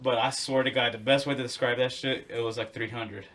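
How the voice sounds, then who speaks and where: A man's voice: mid-range voice, steady tone, a little fast, crowd noise. A man co-hosting a podcast, telling a story with lots of laughter and swearing in a casual chat. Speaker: podcast co-host.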